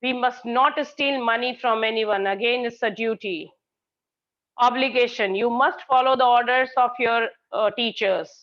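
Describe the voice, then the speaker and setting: A woman teaching grammar over a video call. She speaks slowly and patiently, her voice set a little high, and she praises students and repeats example sentences. The audio is dull and lo-fi. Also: fairly bright tone. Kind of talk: online English grammar class.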